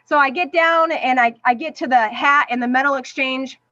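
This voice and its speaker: Podcast guest, middle-aged woman, high bright voice, animated storyteller, dry dull recording. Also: moderate pace, dry recording. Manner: animated, acts out quoted voices. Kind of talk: emotional personal storytelling.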